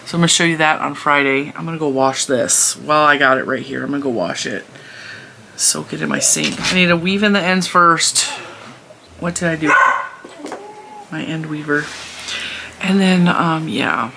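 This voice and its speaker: A woman's voice: low voice, expressive, moderate pace, gravelly, pauses often, background noise. A woman, hosting a crochet vlog and chatting on in a rambling way at home, laughing often. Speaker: crochet channel host. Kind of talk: casual chat to camera. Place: home room.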